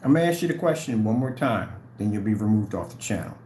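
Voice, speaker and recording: A man's voice: on the low side, animated, quick pace, a little mellow, a little hiss or hum. A man hosting a livestream, confronting viewers in a taunting way and repeating the same challenging questions over and over. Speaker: channel host.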